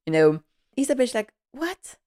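A woman's voice: lowish voice, moderate pace. A woman host giving a casual, gushing episode recap, emotional and full of fillers.

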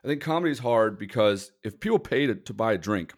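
A young adult man with a lowish, brisk voice co-hosts a podcast, telling animated stories in casual talk. He laughs often and acts out people's quotes.

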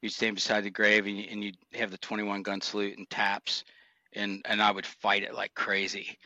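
A man's voice: lowish voice, completely flat delivery, moderate pace, sharp tone, dry recording, lo-fi sound. A man, a former motorcycle cop, telling earnest, reflective stories from his police career in an interview. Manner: earnest, reflective, emotional recollection. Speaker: retired motor cop guest. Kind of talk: candid interview storytelling.

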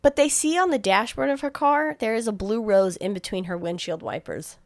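A woman's voice: medium pitch, a little fast, dry recording. A woman co-host chatting casually and retelling a film scene by scene. She swears freely, laughs often and slips into voiced quotes for the characters. Her voice sits in a middle range, recorded dry with no room sound. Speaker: podcast co-host recapping a film. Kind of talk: casual chat.

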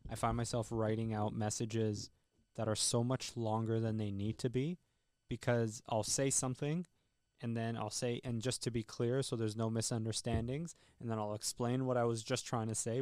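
A man co-hosting a podcast in casual chat, speaking in a measured way and asking follow-up questions. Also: medium pitch, flat delivery, a little mellow, no room sound, clean studio sound. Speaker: podcast co-host.

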